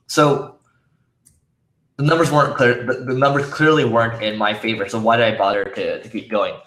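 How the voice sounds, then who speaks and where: Guy giving a talk at a conference, kinda hoarse, lots of um and right, echoey room. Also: medium pitch, fairly even intonation, moderate pace, fairly bright tone. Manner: casual, lots of fillers and restarts. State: losing his voice. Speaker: conference speaker. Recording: roomy echo.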